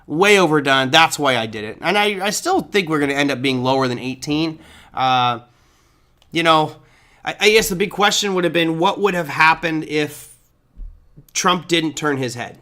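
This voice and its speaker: A man with a fairly high, animated, sharp voice hosts a live trading show at a moderate pace. He casually talks through charts and answers viewer chat, thinking aloud with fillers in a chatty way as he gives live market commentary.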